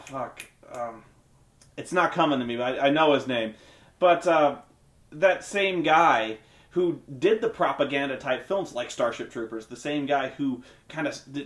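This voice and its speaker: A man giving a casual, rambling spoken film review with many fillers, restarts and blunt swearing. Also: mid-range voice. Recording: echoey room.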